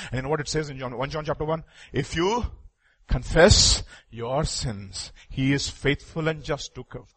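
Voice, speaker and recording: A man preaching a sermon with passion. He swings from loud, urgent bursts down to hushed pleading. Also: medium pitch.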